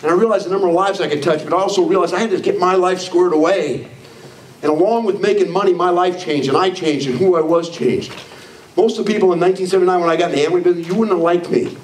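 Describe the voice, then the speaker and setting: A man's voice: high-pitched, fast talker, a little mellow. An older man giving an emphatic, preachy leadership training talk to a live audience, acting out the voices he quotes. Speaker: motivational speaker. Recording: echoey hall, far from mic, faint noise.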